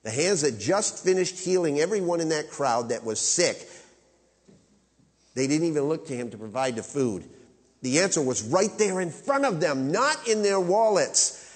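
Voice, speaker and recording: A man preaching a sermon with emphasis, rising to loud high peaks and dropping to quiet low asides. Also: expressive, normal speed. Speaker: pastor. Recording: long reverb of a large hall.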